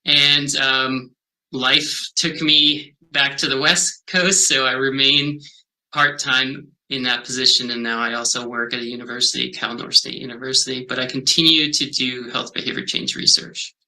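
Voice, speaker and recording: A male researcher answers interview questions in a very bright, forward voice. He speaks thoughtfully and haltingly, restarting phrases and filling gaps with "um". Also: medium pitch, steady tone, poor audio. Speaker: health behavior researcher.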